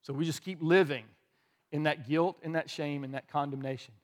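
A man's voice: on the high side, steady tone, normal speed. A male pastor preaching a conversational sermon, candid and self-deprecating, with frequent restarts.

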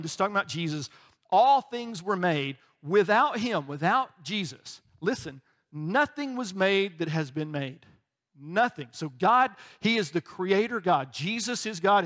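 A man with a fairly high voice delivers a sermon in a loose, conversational way. He jokes with the congregation and slips into quick acted-out voices. He keeps checking in with a casual "right?". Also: fairly bright tone. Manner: conversational, joking, acts out voices, frequent "right?". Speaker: pastor.

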